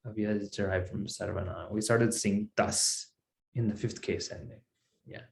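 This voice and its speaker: A man's voice: fairly low pitch, steady tone, normal speed, vocal fry, echoey room. A man teaching a Sanskrit class, explaining patiently step by step. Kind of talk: online language class.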